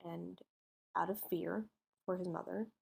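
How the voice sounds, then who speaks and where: Husky gravelly woman telling a true crime story on a podcast, acts out the lines. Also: lowish voice, steady tone, a little slow, darkish tone. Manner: retells the story by acting out its dialogue, informal grammar. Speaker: podcast co-host telling a case.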